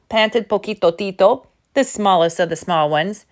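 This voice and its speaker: A woman teacher reading a children's picture book aloud, expressive and animated, swooping up and down as she voices the characters. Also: medium pitch, normal speed, few pauses.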